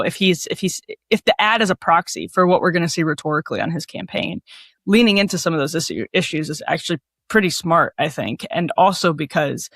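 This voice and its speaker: A woman's voice: on the low side, a bit bright, no echo. A woman giving political analysis as a panel guest, thoughtful and fluent, with frequent "uh" and "like".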